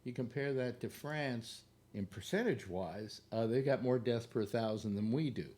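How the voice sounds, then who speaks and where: Over a map on a relaxed home stream, a male host jokes and rambles, winded and tripping over fillers. He speaks at a moderate pace in a mid-range, somewhat mellow voice.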